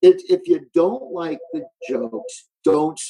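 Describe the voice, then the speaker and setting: A comedian guest talking remotely in casual chat, ranting emphatically. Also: male voice, high-pitched, sing-song, takes it slowly, creaky, dark tone, poor audio. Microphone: remote call.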